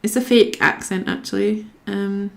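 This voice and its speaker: A young Scottish woman chats casually to her live-stream viewers while colouring, reading their comments aloud and talking to herself as she works. Her mid-range voice has fairly even intonation, normal speed, and vocal fry.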